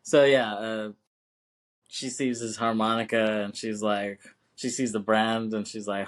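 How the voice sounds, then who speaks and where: A man's voice: fairly low pitch, steady tone, measured pace. A man co-hosting a podcast, casually recapping a film with lots of fillers and laughs. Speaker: podcast co-host.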